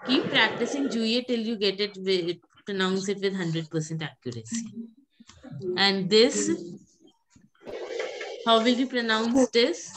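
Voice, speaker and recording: A woman, teaching a French pronunciation class, patiently repeating words and gently correcting her students. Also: mid-range voice, unhurried, long pauses, noisy background.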